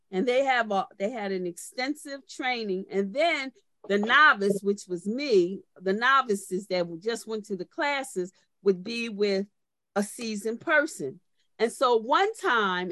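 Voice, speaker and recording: A woman's voice: a little high, fairly bright tone, no room sound. A woman pastor delivering a sermon, moving from conversational storytelling to fervent preaching and calling out to members of her congregation by name.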